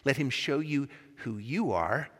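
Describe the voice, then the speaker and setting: A man's voice: mid-range voice, animated, a little slow, a bit bright. A man preaching a sermon as pastor, speaking in an impassioned, emphatic way in a church sanctuary. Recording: long reverb in a large hall.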